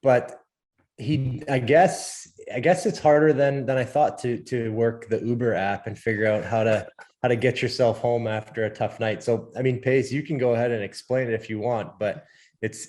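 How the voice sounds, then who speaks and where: A man hosting a podcast in casual chat, relaxed and teasing, with rambling asides. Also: mid-range voice, moderate pace. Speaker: podcast host.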